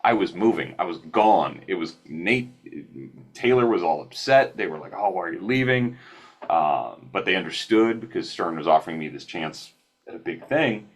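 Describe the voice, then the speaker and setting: Man, deep voice, husky, podcast guest, casual storyteller, self-deprecating, restarts sentences. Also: lively intonation, moderate pace. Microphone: remote call.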